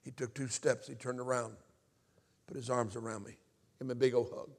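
A middle-aged man from Alabama, preaching a personal testimony and swinging between hushed retelling and loud, impassioned outbursts. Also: mid-range voice, level tone, a little fast. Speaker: evangelist. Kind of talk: testimony sermon.

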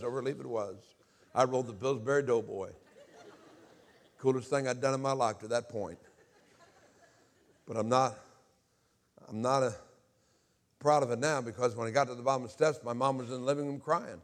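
A man's voice: mid-range voice, moderate pace, pauses often. A man from Alabama, preaching a testimony sermon and acting out the dialogue as he tells his story. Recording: reverberant hall.

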